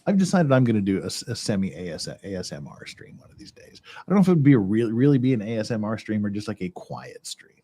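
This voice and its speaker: A man's voice: on the low side, very animated, quick pace, hardly any pauses, warm tone, breathy edge. A man streaming casually as he builds Lego, rambling, joking and swearing to himself. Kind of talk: casual live-stream chat.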